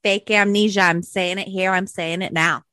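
A woman's voice: mid-range voice, steady tone, moderate pace, bright, forceful tone, no room sound. A woman co-hosting a gossip podcast, reacting dramatically in casual chat. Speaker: podcast co-host.

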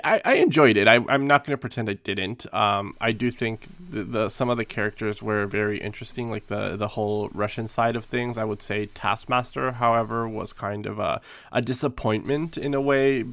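Low-voiced man chatting with many fillers. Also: fairly bright tone, dry recording. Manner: halting, many fillers and restarts. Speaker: podcast co-host. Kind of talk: casual movie review chat.

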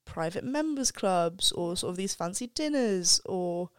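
A young woman speaks frankly and thoughtfully in relaxed podcast chat. Her voice is smooth and clear. The sound is close and dry, with no room echo. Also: lowish voice, measured pace. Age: young adult. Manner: candid, swears freely, reflective. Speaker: podcast guest, undergraduate. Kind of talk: casual chat.

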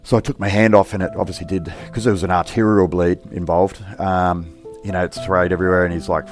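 A middle-aged man, a police officer, recounting a personal story in an interview in a halting, reflective, plain-spoken way. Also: deep voice, fairly even intonation, faint music behind.

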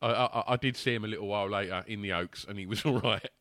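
A man's voice: fairly low pitch, fast, no echo. A man telling a rowdy anecdote in casual chat, laughing and acting out the voices. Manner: animated, laughing, acts out voices.

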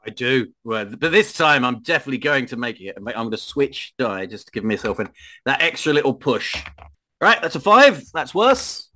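A man's voice: medium pitch, a little fast, sharp tone, no echo. A man playing in a tabletop game, playful and self-mocking. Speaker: player. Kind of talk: casual play at a tabletop game.

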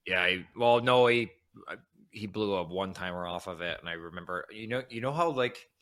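Ex-player guest, man, low and bright, joking and laughing. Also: a little fast. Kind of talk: casual chat.

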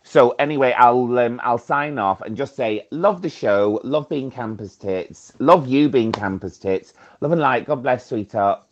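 A man's voice: mid-range voice, animated, measured pace, few pauses. A man leaving a chatty, camp, theatrical voice message as a caller. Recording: dull lo-fi voice note.

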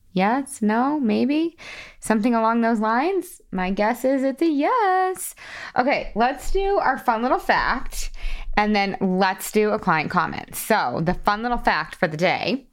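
A woman in her thirties, a weight loss coach, hosting her podcast in a bubbly, excitable, chatty way. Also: mid-range voice. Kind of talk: casual podcast monologue.

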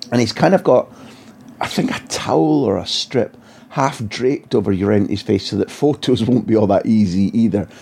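A man's voice: fairly low pitch, vocal fry, warm tone, slight background noise. A man, a football journalist telling vivid anecdotes in an interview, often restarting his phrases. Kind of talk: storytelling interview answers.

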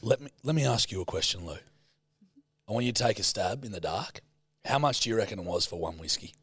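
A young Australian man hosting a podcast who tells travel yarns in a casual, sweary, animated way. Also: on the low side, fast talker, breathy edge, dry recording, studio quality. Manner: sweary, animated yarn-spinning. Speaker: podcast host. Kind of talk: casual storytelling chat.

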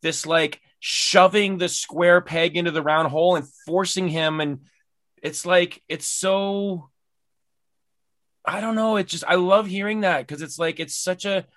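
A man's voice: high voice, steady tone, unhurried, no room sound, clean studio sound. Enthusiastic podcast host man. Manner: warmly enthusiastic, emphatic repetition. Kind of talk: casual conversational interview.

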